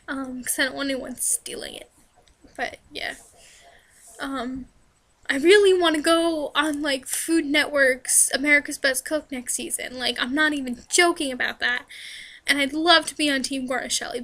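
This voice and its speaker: A young woman talks into her camera, her high voice bright and sharp. She rambles with plenty of fillers and restarts, and her voice sounds a little hoarse. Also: fairly even intonation, normal speed. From New Jersey. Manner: chatty, rambling, many fillers and "like". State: hoarse, voice straining. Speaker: vlogger. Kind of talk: casual Q&A storytelling.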